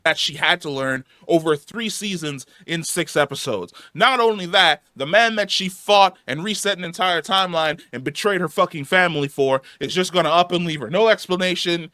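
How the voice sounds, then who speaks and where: A man's voice: sits high, moderate pace, few pauses, sharp tone, dry recording, clean studio sound. A man reviewing a show in a heated, angry rant, swearing and repeating himself for emphasis, his voice wearing out. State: losing his voice.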